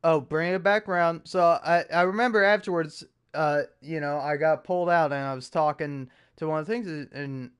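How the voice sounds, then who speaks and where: Profane rambling young man, smooth voice. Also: fairly high pitch, normal speed, few pauses. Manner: rambling, profane, self-mocking storytelling with frequent restarts. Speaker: podcast host. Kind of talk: casual chat.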